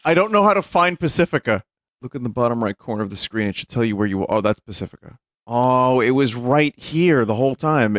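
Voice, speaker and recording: A man's voice: mid-range voice, no room sound, clean studio sound. A man in his thirties giving casual, joking gameplay commentary to his chat, often swearing. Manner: joking, profane, talks to chat. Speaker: streamer.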